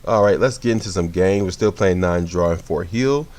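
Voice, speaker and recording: A young man giving casual commentary on a card game he is playing, sleepy and relaxed, often rambling and correcting himself. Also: deep voice, normal speed. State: sleepy, yawning.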